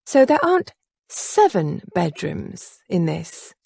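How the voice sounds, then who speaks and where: A woman voicing a young lady who stays dry and deceptively calm. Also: fairly low pitch, slow pace, gravelly, breathy edge, dry recording, heavily acted.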